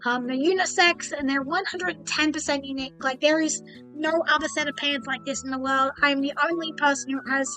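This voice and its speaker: Young woman, VTuber streamer, high voice, rambling casual storytelling, faint music behind. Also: steady tone, fairly quick, bright, forceful tone, low-quality recording. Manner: rambling, replays her own thoughts as quoted asides.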